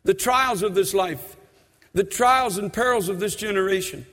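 Impassioned high-voiced male preacher. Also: a bit bright, big-room sound. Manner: impassioned preaching, slows and drawls for emphasis. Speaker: pastor. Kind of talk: sermon. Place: church sanctuary.

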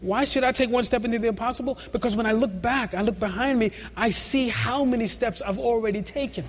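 High-voiced preacher in a reverberant hall. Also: male voice, brisk, noisy background. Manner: conversational preaching with chuckles and asides. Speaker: pastor. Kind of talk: sermon.

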